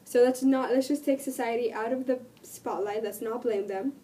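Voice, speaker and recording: A woman vlogging while sick, her voice cracking and dropping out, talking earnestly and rambling with many pauses. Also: on the high side, fairly even intonation, dark tone, distant mic. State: sick, voice cutting in and out. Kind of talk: casual talk to camera.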